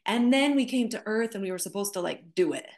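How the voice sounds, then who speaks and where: A woman's voice: medium pitch, lively intonation, fast talker. A woman author as podcast guest, who speaks earnestly, often quotes scripture and acts out pleading quoted voices. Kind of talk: reflective faith conversation.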